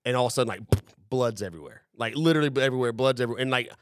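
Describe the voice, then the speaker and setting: A man's voice: mid-range voice, very fast, clean tone, no echo, studio quality. Profane, rambling male storyteller. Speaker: podcast host. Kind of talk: casual storytelling.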